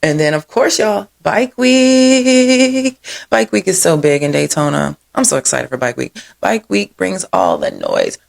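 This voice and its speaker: Low, gravelly-voiced chatty woman host. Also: huge pitch swings, moderate pace, few pauses. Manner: rambling, digressive storytelling; says "y'all" often. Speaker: host of a local events show. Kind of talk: casual chatty event rundown.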